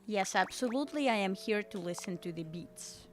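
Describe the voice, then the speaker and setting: A woman's voice: medium pitch, animated, normal speed, faint music behind. A woman streaming a game, giving casual, amused commentary. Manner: amused, giggly.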